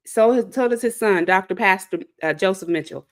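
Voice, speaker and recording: Speaking at a moderate pace with few pauses and a medium pitch, a South Side Chicago woman acting as host and speaker pours herself into a passionate monologue, hammering key phrases like a preacher.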